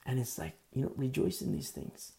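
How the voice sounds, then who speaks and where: A man's voice: mid-range voice, very animated, fairly quick, vocal fry, warm tone. A man preaching a sermon in a conversational, folksy way, with asides and quoted lines. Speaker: pastor.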